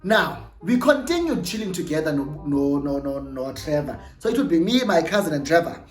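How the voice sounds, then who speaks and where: A young South African woman tells a story in a lowish voice, slipping between English and Xhosa and often repeating herself. Her voice echoes around a bare room, with soft music playing faintly behind her. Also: moderate pace. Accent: South African, mixing in Xhosa. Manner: animated, code-switching between English and Xhosa, repeats "no, no, no" and "yabo". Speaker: storytime vlogger. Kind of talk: casual storytelling.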